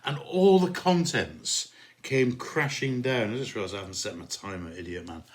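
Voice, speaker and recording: Low-voiced rambling man with dry jokes. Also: moderate pace. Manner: relaxed, meandering delivery with many fillers. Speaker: podcast host. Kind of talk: casual solo podcast chat and poetry reading.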